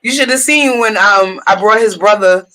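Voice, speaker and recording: A woman's voice: mid-range voice, moderate pace, pushed and bright, rough recording. A woman hosting a casual podcast chat, teasing and laughing often. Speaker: podcast host.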